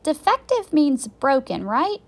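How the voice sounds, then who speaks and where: A woman voicing an eager, curious young girl in a storybook read-aloud, with an excitable manner. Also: unhurried, vocal fry, heavily acted. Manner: excitable, high and bright.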